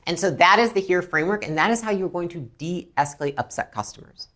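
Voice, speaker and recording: A woman's voice: lowish voice, animated, fairly quick, hardly any pauses, fairly bright tone. A woman business coach explaining how to handle customers, blunt and emphatic, who acts out short dialogues between customers and staff. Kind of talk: instructional talk to camera.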